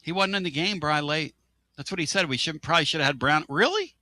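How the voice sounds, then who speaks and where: An exasperated sports talk host rants in a high, bright, sharp voice that leaps up and down. He fires sarcastic asides at his listeners. The sound is close and dry, with no room around him. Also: fast, dry recording.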